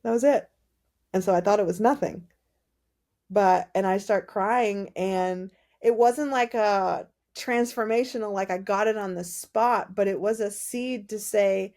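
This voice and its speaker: A woman guest on a podcast, telling her faith story in casual, animated conversation and acting out the dialogue. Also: medium pitch, measured pace. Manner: animated storytelling, many "like" fillers, acts out dialogue. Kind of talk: personal testimony in casual conversation.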